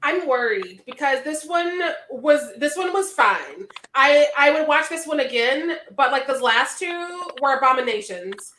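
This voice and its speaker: A woman's voice: sits high, lively intonation, unhurried, hardly any pauses, bright, forceful tone, slight background noise. A woman on a podcast ranting bluntly and with exasperation in casual chat. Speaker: podcast co-host. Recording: echoey room.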